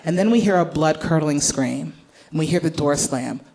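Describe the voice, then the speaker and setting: A woman's voice: low voice, normal speed, creaky, a little mellow. A woman comedian telling a family story on stage in a stand-up set, with big swings between voices. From United States. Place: theater stage with live audience.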